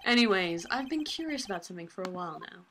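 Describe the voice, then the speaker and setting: A woman's voice: medium pitch, lively intonation, quick pace, music in the background, lightly acted. A woman voicing a vain, flamboyant male circus magician in an amateur game reading, drawling and theatrical. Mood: haughty. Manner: theatrical, drawling, calls people sweetie.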